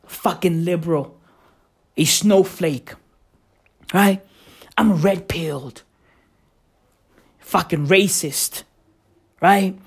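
A woman ranting loudly in a vlog. She swears constantly, and her voice is hoarse and cracking from shouting. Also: lowish voice. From South Africa. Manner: loud, shouty, swearing heavily. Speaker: vlogger. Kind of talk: profane vlog rant.

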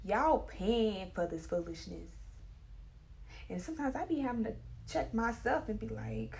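A woman's voice: on the high side, measured pace, creaky, a little hiss or hum. A woman hairstylist, talking in a chatty, emphatic casual monologue. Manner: chatty, animated, emphatic, with dialect grammar. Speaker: hairstylist and salon owner.

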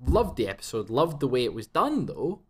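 A man's voice: medium pitch, huge pitch swings, normal speed, a little mellow, slightly rough. A young man co-hosting a podcast, chatting casually and acting out quoted exchanges as he tells stories. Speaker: podcast co-host. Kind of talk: casual chat.

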